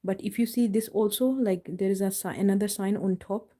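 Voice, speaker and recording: A woman teaches recitation in a live online class, spelling each word out letter by letter before reading it back whole. Her voice is mellow and sits at a middle pitch. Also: fairly even intonation, fairly quick.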